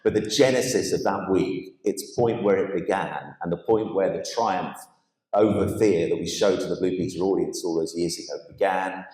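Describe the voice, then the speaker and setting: Guy telling his story on stage, really low voice, lively and animated, echoey church hall. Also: moderate pace. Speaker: guest speaker.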